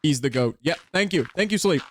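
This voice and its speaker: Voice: mid-range voice, expressive, a little fast, slight background noise. Rambling laughing streamer. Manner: rambling, self-mocking, laughs a lot. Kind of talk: casual gaming chat with friends.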